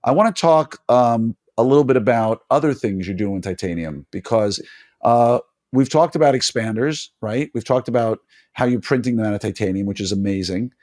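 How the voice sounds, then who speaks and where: A man's voice: medium pitch, brisk, darkish tone. A middle-aged man hosting a casual interview podcast as an orthodontist, talking emphatically with frequent fillers and restarts.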